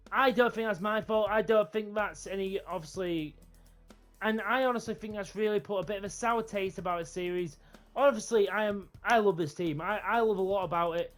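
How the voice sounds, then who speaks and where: A gaming YouTuber talks over his own football match, shouting his reactions at the game. He rambles and restarts his sentences as he goes. Faint game music plays underneath. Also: high voice. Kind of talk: live gameplay commentary and wrap-up chat.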